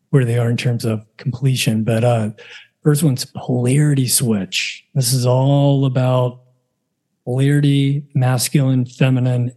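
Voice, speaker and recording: A middle-aged man talks through his podcast from home in a loose, rambling way. He jokes at his own expense as he goes. His voice sits dark and mellow. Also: mid-range voice. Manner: self-deprecating, joking, rambling. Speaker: podcast host. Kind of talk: casual solo podcast talk.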